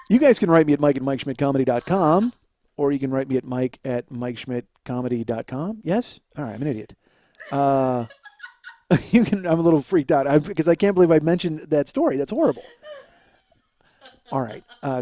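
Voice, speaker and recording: A middle-aged man hosts a solo comedy podcast, laughing at himself as he tells a rambling, self-deprecating story. His voice is mellow and on the high side.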